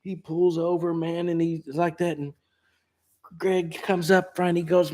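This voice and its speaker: Slow-talking man telling stories. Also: fairly high pitch, flat delivery, darkish tone. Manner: rambling, laid-back, says "man" a lot, does voices. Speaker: singer-songwriter host. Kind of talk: casual storytelling chat. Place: living room, indoors.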